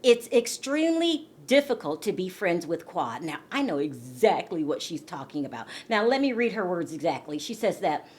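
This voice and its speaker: A woman's voice: fairly low pitch, sing-song, normal speed, hardly any pauses, darkish tone, slightly rough. A woman from California talking casually to her camera about celebrity gossip, chatty and emphatic, repeating words for stress and often asking her viewers "okay?". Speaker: YouTube gossip vlogger.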